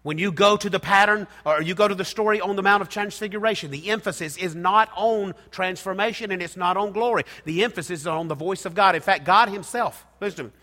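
A middle-aged man preaching a sermon, swinging between soft, intimate passages and loud, emphatic ones. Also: high-pitched, fast talker, hardly any pauses. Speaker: pastor. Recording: long hall reverb.

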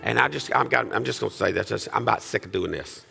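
Gravelly low-voiced pastor closing a service. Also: male voice, bright, forceful tone, soft background music. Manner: earnest, halting with restarts and fillers. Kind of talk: sermon and farewell prayer. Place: church sanctuary.

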